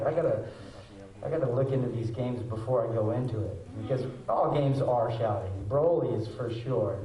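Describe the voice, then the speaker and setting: A man in his forties, a voice actor answering audience questions at a convention panel, telling animated stories and acting out quotes. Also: mid-range voice, lo-fi sound, slight background noise. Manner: animated storyteller, acts out quotes and goblin noises. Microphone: handheld mic, recorded from the audience. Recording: echoey hall from far off.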